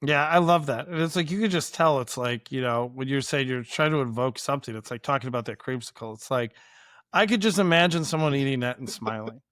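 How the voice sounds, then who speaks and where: A man's voice: medium pitch, a little fast, dry recording, studio quality. A man, a chef, telling a story casually and animatedly, full of "like" and acted-out quotes. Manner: animated, filler-heavy, acts out quotes.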